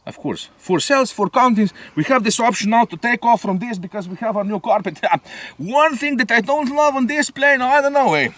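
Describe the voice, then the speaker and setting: A man's voice: extremely high pitch, animated, moderate pace, hardly any pauses, fairly bright tone, a little hiss or hum. A man reviewing a model plane in casual chat, often tagging sentences with a questioning "eh?". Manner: chatty, ends phrases with a questioning "eh?".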